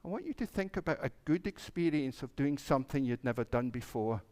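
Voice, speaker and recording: A man's voice: mid-range voice, expressive, fairly quick, a little mellow. A man, a minister telling a playful children's story during a church service and acting out the animals.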